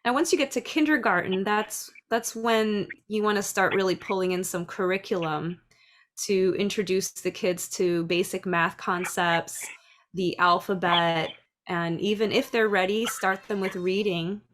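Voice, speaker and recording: A middle-aged woman who teaches dance and preschool, speaking in a chatty, lively way about classroom ideas. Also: mid-range voice, a little slow. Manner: chatty, lively, acts out little voices. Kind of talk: casual talk.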